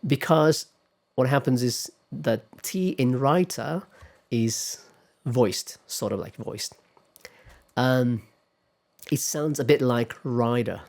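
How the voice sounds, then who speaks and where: Slow, deliberate male lecturer. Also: medium pitch, creaky, darkish tone. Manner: deliberate, repeats example words several times. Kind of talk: pronunciation lecture.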